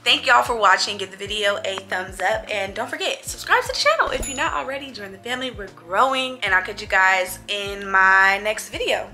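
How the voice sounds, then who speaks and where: A woman's voice: medium pitch, expressive, brisk, hardly any pauses, sharp tone. A young woman chatting casually to camera in a beauty vlog, playful and talking to her viewers like friends. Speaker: beauty vlogger. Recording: faint music behind.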